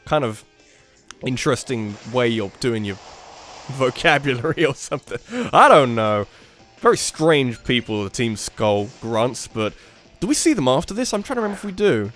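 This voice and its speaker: Man, let's play commentary, lively up-and-down voice, rambling, faint music behind. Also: on the high side, normal speed. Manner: rambling, opinionated, thinking aloud. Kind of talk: gameplay commentary.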